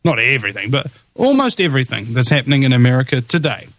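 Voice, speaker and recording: A man's voice: medium pitch, very animated, fast, a bit bright, no room sound. A man hosting a talk radio show, full of fillers and restarts, turning to emphatic, preaching delivery. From New Zealand. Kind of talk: impassioned political talk.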